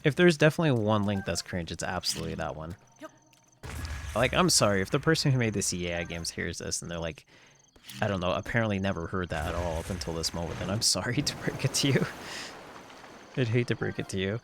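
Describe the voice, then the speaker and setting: A man's voice: low voice, lively intonation, quick pace, slight background noise. A man chatting on a live gameplay stream, rambling with lots of filler words and frequent laughs. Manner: laughs often.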